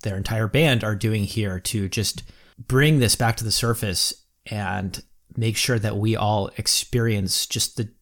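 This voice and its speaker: Enthusiastic man with a lower voice. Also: a little slow, fairly bright tone. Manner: enthusiastic, rambling, with restarts. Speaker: music show co-host. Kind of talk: casual music review chat.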